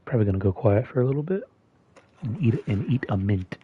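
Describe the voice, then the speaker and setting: With a mint in his mouth, a man offers casual gameplay commentary as a streamer, musing and mumbling while he thinks aloud. His voice sits on the low side, sing-song and quick. The audio is phone quality with slight background noise.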